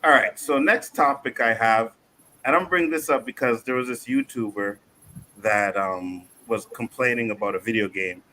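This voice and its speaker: A man from Canada hosting a casual panel podcast, telling stories in a lively, profane way and acting out the quotes. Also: medium pitch, normal speed, slight background noise, rough recording. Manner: animated storytelling, profane, acts out quotes. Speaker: podcast host.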